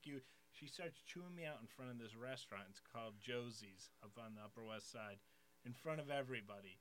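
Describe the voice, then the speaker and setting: A comedian telling an embarrassing story, laughing and acting out the dialogue. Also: male voice, medium pitch, a little fast. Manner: excitable, laughs often, acts out dialogue. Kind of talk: casual storytelling chat.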